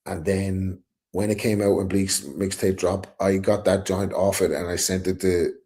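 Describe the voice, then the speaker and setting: A man's voice: deep voice, little pitch movement, normal speed, dark tone. A middle-aged Irish man telling a story in a casual chat, acting out the quotes and swearing freely. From Ireland. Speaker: guest rapper.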